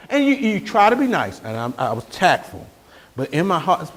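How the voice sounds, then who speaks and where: A man preaching a sermon as pastor, telling stories with growing energy and sometimes shouting. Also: a little high, moderate pace, some chatter behind. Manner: animated storytelling, rising to shouts.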